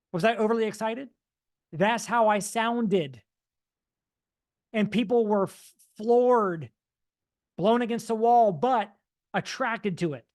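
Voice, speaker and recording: A man giving an energetic motivational talk, mimicking dull and excited voices to make his point. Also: sits high. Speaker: motivational speaker.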